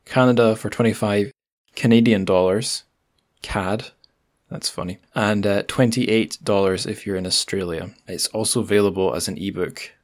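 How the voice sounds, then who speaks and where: A Scottish man hosting a podcast in an easygoing monologue, his voice sitting a little low. He rambles in a friendly way, trips over words and laughs off his own slips. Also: fairly even intonation, moderate pace. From Scotland. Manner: chatty, self-deprecating, with frequent restarts and asides. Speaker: podcast host.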